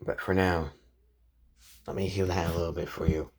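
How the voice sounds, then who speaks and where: Calm ancient master, low and quiet, slow measured commands; a man voicing him. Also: creaky. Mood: calm, commanding. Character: ancient calm all-powerful male master.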